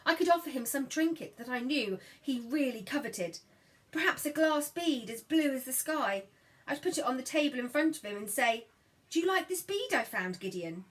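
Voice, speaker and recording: A woman's voice: sits high, moderate pace, low-quality recording. Woman reading a story aloud. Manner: lively character voices in dialogue. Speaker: audiobook reader. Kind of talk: scripted narration.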